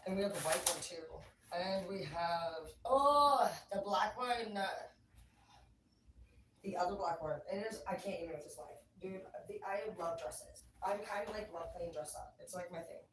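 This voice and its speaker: A woman with a lowish voice chats loosely on a livestream, swearing freely and padding her talk with filler words. She sits some distance from the mic in an echoey room, with faint noise underneath. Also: normal speed. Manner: rambling, profane, filler-heavy talk. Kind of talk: casual livestream chat.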